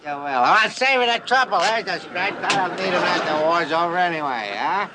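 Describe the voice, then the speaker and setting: A pompous tipsy captain. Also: male voice, high voice, animated, fairly quick, background noise. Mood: blustering. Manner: pompous, blustering, slurred. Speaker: navy captain.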